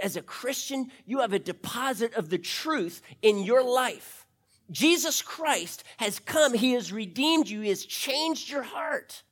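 A pastor preaching a sermon and speaking directly to the congregation, swinging between fast, loud bursts and slow, hushed stretches. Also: mid-range voice.

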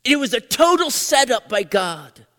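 Older man preaching in a church, lively swooping voice with long reverb; storytelling sermon, hushed to loud. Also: extremely high pitch, measured pace. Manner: emotional, dramatic swings from hushed to loud. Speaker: pastor.

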